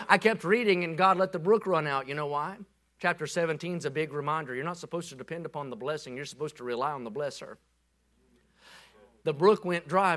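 Man preaching, high bright voice, animated, shouts, folksy jokes. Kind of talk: sermon.

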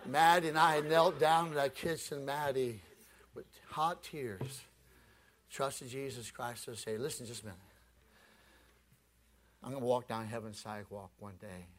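A male preacher telling a story in a sermon, animated and acting out the scenes. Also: medium pitch, unhurried, pauses often.

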